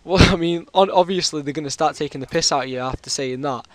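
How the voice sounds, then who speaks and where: Fairly high in pitch and fast, this British gaming commentator has a sore throat and is recorded dry. Over his gameplay he rambles through a long, casual story, chatty and full of fillers.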